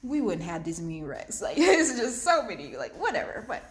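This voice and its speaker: Animated young woman vlogging from her car. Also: a little high, normal speed. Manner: animated, acts out quotes, laughs often. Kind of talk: casual storytelling vlog. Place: car, driving home.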